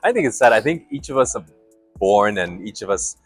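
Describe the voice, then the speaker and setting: A man, a company chief, talking in a relaxed, thoughtful way as a guest in an interview. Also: on the low side, slightly rough, faint music behind. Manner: thoughtful, reflective, with pauses and restarts. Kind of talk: casual interview chat.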